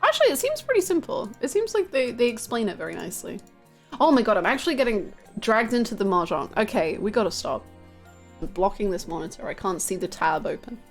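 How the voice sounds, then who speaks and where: A woman chats casually on her live gaming stream, mid-pitched and self-mocking as she answers chat aloud. She talks into a desk microphone, and faint game music plays behind her. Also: sing-song, brisk.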